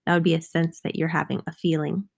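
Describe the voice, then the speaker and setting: A young adult woman teacher giving a slow, clear lesson for young children, patiently spelling words out letter by letter. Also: low-pitched, flat delivery, darkish tone.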